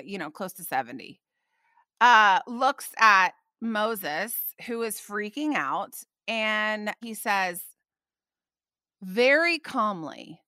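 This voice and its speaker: Bright, animated woman storyteller. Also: fairly high pitch, no room sound. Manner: animated, lively storyteller with frequent "okay?" asides. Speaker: ministry podcast host. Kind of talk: casual storytelling.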